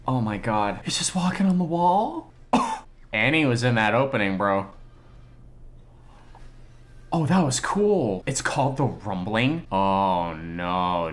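A man giving excitable, slangy live reaction commentary on an anime episode, exclaiming and swearing often. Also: fairly low pitch.

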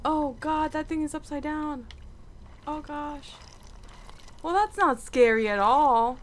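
Woman let's-play host, high voice, unhurried between the scares, jumpy, curses at the screen. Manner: jumpy and easily frightened, gasping and cursing; talks to the game characters. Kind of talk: gameplay commentary.

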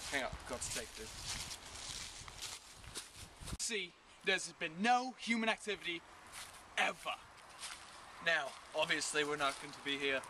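A man hosting a parody survival show outdoors in the woods, with deadpan how-to narration that breaks into comic ranting. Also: fairly high pitch, measured pace, long pauses, recorded from a distance. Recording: outdoor recording with clear background noise.

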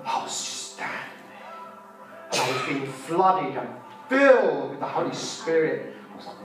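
A fervent man preaches in a slightly high voice, repeating his lines and asking the audience rhetorical questions. He is recorded from far off in a very echoey hall, with faint music underneath. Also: normal speed. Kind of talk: sermon. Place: conference hall.

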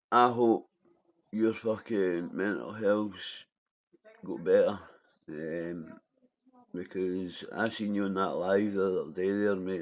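A Scottish man in casual live-stream chat, blunt and rambling, swearing freely as he calls people out. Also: sits low.

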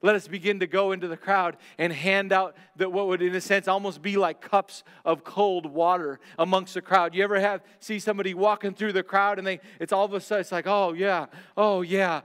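A male pastor preaching a sermon, swinging between loud declarations and hushed, slow lines. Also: high voice, flat delivery, clear, resonant tone, long reverb tail.

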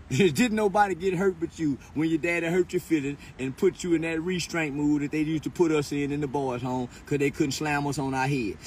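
A man giving a crude, mocking commentary, laughing often and repeating words in quick bursts. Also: a little high, slight background noise. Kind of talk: profane mocking rant.

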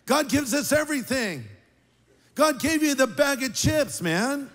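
An older man preaching a sermon as pastor, an animated storyteller with wry, sarcastic asides. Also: very high voice, slow pace, big-room sound.

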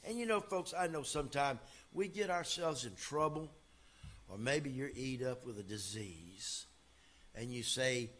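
A man preaching a sermon as pastor, folksy and emphatic, swinging from loud to quiet. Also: mid-range voice, a little slow.

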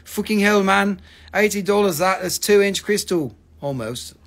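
This live mineral-sale host has a high, gravelly, fairly bright voice that's expressive, moving at a moderate pace. His casual selling chat is full of profanity and meandering jokes.

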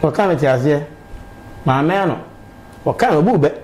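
A man's voice: on the high side, animated, normal speed, darkish tone, rough recording. A man talking animatedly in a casual street interview, with emphatic bursts and sudden exclamations.

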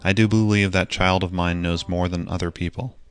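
A man's voice: low-pitched, fairly even intonation, brisk, smooth. A man reading an audiobook voices a humble working cab driver who speaks plainly and respectfully. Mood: earnest.

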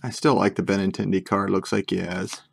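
A man's voice: sits low, flat delivery, a little fast, creaky, a little hiss or hum. Chatty young man opening card packs. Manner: chatty, rambling, jokey. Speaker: card break host. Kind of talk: casual live card-break commentary.

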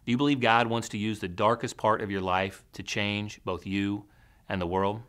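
A man preaching a sermon as a teaching pastor in a church, with an earnest, measured storytelling delivery. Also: lowish voice, level tone, fairly bright tone.

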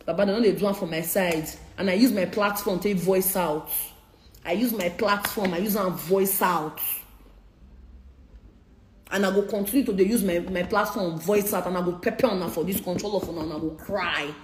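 A woman's voice: on the low side, normal speed, roomy sound, a little hiss or hum. A young woman in her twenties with a Nigerian Pidgin English accent, confronting critics in a heated, repetitive live-stream rant. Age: 20s. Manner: confrontational, repeats her points. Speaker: social media personality.

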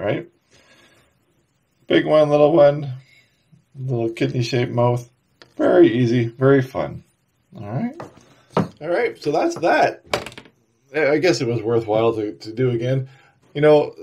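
A man's voice: medium pitch, creaky. A man with a stuffy, nasal voice from a cold, chatting casually as he narrates a woodcarving tutorial while he works. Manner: relaxed, chatty, talks while working. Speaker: woodcarving channel host.

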